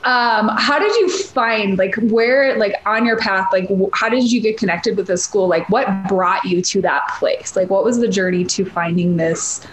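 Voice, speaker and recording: A woman's voice: mid-range voice, moderate pace, few pauses, reverberant, music in the background, low-quality recording. A woman with a Minnesota accent hosting a podcast, asking curious questions in a casual, chatty way with many "like" fillers, recorded at home in her apartment. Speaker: podcast host. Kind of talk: casual interview chat.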